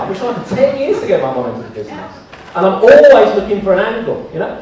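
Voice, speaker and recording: A high, lively male voice telling jokes to a seminar crowd, a man in his thirties who mocks himself as he goes. He is heard from well off the microphone in a very echoey hall, with steady noise under him. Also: fast talker, recorded from a distance. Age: 30s. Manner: joking, self-mocking storyteller. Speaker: guest speaker. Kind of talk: comic business seminar talk. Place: large hall with an audience.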